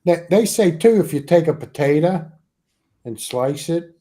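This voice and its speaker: A man's voice: fairly high pitch, animated, measured pace, mellow. A man co-hosting a casual livestream chat, easygoing and laughing along over a video call.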